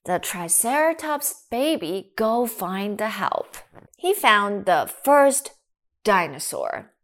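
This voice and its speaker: A woman teacher reading a children's story aloud in a slow, exaggerated, expressive way. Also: mid-range voice. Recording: children's music behind.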